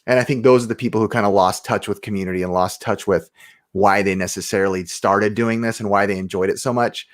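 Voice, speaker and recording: A man's voice: fairly low pitch, steady tone, fast. A man chatting casually on a livestream, telling upbeat stories in a talkative way. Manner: upbeat, talkative anecdote teller. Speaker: YouTube show host, guest.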